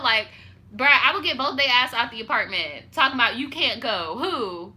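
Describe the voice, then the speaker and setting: Bright, animated young woman host. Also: on the high side, moderate pace. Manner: animated, petty and profane, laughing asides. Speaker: storytime show host. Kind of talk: casual chat reading viewer stories.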